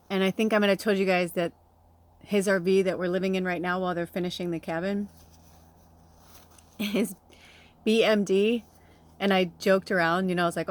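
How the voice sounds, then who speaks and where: A middle-aged woman talking casually as a spiritual reader, her voice at an ordinary mid pitch. She rambles in a loose, chatty way, laughs often and swears offhandedly. At times she sounds close to tears. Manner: emotional, near tears. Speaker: tarot reader and medium. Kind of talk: casual spiritual vlog chat.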